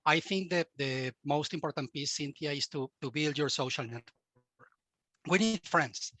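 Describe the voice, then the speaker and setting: A man with a Mexican Spanish accent speaks earnestly as an interview guest, with Spanish as his first language. His voice sits a little high for a man and often stumbles into repeated words. The recording is dry and close, with little room sound. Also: moderate pace, pushed and bright, no echo. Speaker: guest expert. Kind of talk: interview, conversational advice.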